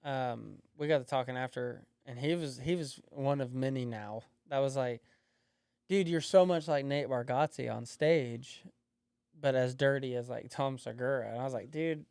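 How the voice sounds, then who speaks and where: A man's voice: medium pitch, normal speed, gravelly, darkish tone, smooth, no echo, studio quality. A man guesting on a comedy podcast, telling stories in a blunt, profane, chatty way and laughing along as he goes. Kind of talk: casual podcast storytelling.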